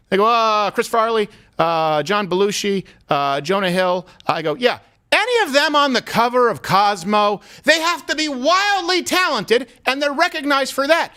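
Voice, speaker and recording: A man hosting an opinionated talk show, mocking and excitable as he riffs and argues with his guests. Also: high voice. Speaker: host.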